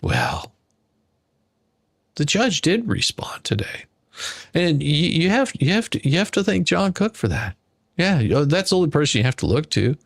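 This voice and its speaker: A man's voice: on the high side, lively intonation, fairly quick, creaky, dry recording, clean studio sound. A man streaming sarcastic commentary on court filings, scoffing and mimicking whiny pleas. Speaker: YouTube legal commentary streamer.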